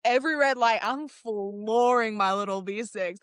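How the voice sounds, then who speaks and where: A woman's voice: a little high, normal speed, clean tone, no room sound, studio quality. A young adult woman telling a story in casual chat, laughing often and acting out what people said. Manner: animated, laughs often, acts out quotes. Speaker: podcast guest.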